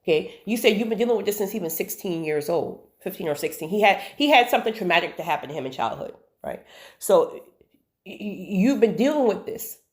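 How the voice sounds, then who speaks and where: A woman talks straight to her viewers in a casual storytelling monologue. Her pitch swings widely as she leans into the story, and she repeats key words for emphasis. Her voice sits at an ordinary middle pitch. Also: expressive, fairly quick. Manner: speaks directly to the viewer with casual asides. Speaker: storyteller sharing a personal faith story.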